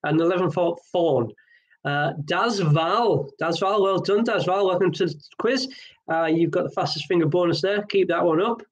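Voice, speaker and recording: A man's voice: high voice, normal speed, highs cut off. A man hosting an online pub quiz, chatty and jokey with rambling asides. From Wales.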